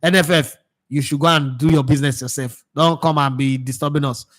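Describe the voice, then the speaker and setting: A Nigerian man with a Nigerian accent hosts a casual football talk show. His voice sits a little high, and he swings in and out of Pidgin with lively, laughing energy. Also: fairly quick. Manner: animated, mixes Pidgin with English, laughs often. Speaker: sports show host.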